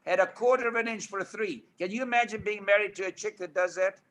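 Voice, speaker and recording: Brief: South African man in his eighties, energetic raconteur, bright tone. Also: high voice, fast. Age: 80s. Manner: lively, emphatic, laughs at his own stories. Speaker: guest. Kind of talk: animated storytelling.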